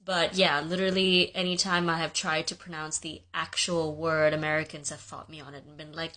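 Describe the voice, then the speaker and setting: A woman's voice: sits low, little pitch movement, a little fast, few pauses, pushed and bright. A woman talking to camera in a resigned, wry way. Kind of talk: casual storytime to camera.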